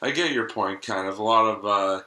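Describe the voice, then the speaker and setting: A young man co-hosts a sports podcast, steering the talk and explaining hockey plays. His voice sits low but sounds bright. The room has a noticeable echo. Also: a little fast. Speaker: podcast co-host. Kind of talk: casual sports chat. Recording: echoey room.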